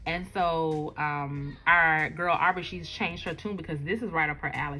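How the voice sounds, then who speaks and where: A woman's voice: deep voice, fairly even intonation, moderate pace, few pauses, sharp tone. A woman casually reading through her own webcomic, chatty and full of fillers. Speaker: webcomic creator. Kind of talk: casual comic read-aloud.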